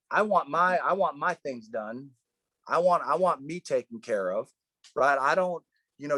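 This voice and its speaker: A man teaching a Bible study in a casual, animated way, often adding "right?" and "man" as he talks. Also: a little high, no echo. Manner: animated storyteller, tags lines with "right?" and "man".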